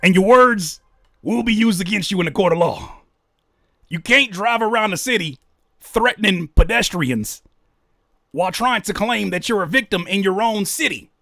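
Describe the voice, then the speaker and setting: Animated man hosting a reaction video. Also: sits high, moderate pace, gravelly, no echo, studio quality. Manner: animated, mocking, exclaims loudly when worked up. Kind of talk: casual commentary.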